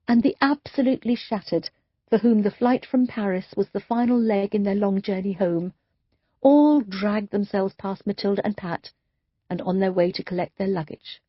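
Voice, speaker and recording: A woman's voice: medium pitch, moderate pace, husky, no room sound, highs cut off. A woman narrating an audiobook, reading the dialogue with light shifts for each character. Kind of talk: scripted narration.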